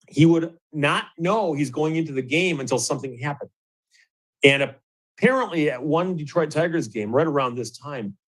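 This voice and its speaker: A man's voice: fairly high pitch, low-quality recording. Chuckling middle-aged man spinning a story. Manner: animated anecdote-telling, chuckling, many restarts. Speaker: host. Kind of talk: casual storytelling.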